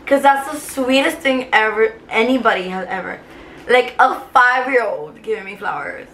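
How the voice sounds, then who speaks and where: Young woman vlogger, higher voice, rambling emotional chat with lots of fillers, light noise behind. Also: lively intonation, moderate pace, a bit bright. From Cuba. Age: 20s. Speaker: vlogger, teacher. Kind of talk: casual chat to camera. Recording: faint background noise.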